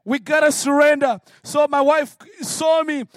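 A man from Africa preaching a sermon and telling his own story, swinging from hushed words to shouted prayer. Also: very high-pitched, fairly even intonation, measured pace, dry recording, studio quality. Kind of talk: sermon testimony.

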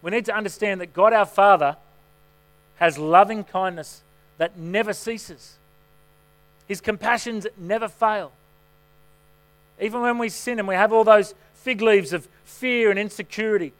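Male pastor, middle-aged, higher voice; easy, storytelling sermon delivery. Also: normal speed, fairly bright tone. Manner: conversational, self-mocking storytelling.

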